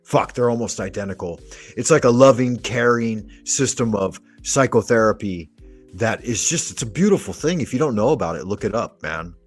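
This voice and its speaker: A man with a husky, slightly breathy voice delivers profane, sarcastic reaction commentary. He talks in emphatic bursts with faint music underneath. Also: lowish voice, animated, moderate pace. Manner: emphatic, sweary, sarcastic ranting. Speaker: commentary video host.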